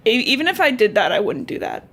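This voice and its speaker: Young woman podcast host, higher voice, chatty and slangy, from Cincinnati. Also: very animated, quick pace, gravelly, a bit bright, slight background noise. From Cincinnati, Ohio. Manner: chatty recapping with slangy asides and swearing. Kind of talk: casual book-podcast chat.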